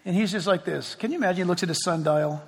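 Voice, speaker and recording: A man preaching a sermon as pastor, talking conversationally and joking, swinging between loud and hushed. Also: high-pitched, very fast, creaky, background noise. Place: church sanctuary. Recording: long hall reverb.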